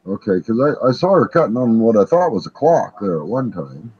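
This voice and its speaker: A man's voice: on the low side, big pitch swings, brisk, a little mellow, husky. A man on a casual live-stream chat, asking brief curious questions. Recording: dull lo-fi call audio.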